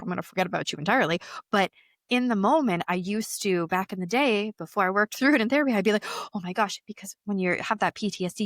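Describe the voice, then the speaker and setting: A woman's voice: mid-range voice, no room sound, clean studio sound. A woman speaking candidly in an interview, telling her own story openly and animatedly, often breaking into laughter. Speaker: guest.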